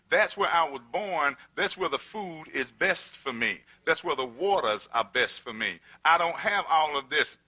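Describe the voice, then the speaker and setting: A middle-aged pastor preaching a sermon, building from quiet reading to shouted, humorous emphasis. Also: male voice, high-pitched.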